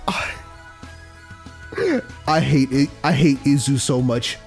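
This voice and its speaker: A young man from the United States commentating a story game, excitable and slangy, swearing often. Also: mid-range voice, normal speed, faint music behind. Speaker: gaming channel host. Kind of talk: let's play reaction commentary.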